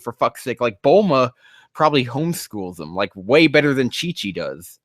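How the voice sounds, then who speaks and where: A man's voice: medium pitch, sing-song, moderate pace, no echo, studio quality. Profane, exasperated male commentator. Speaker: fanfiction reader and commentator. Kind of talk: comedic reading commentary.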